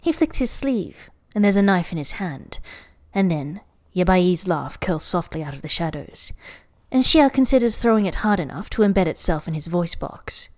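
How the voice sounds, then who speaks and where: A woman's voice: on the low side, animated, moderate pace, few pauses, a little mellow. A woman reading fan fiction aloud to a friend, stopping now and then to fix slips or ask about a word. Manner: reads steadily, stops to ask about words and laugh at slips. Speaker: reader and co-host.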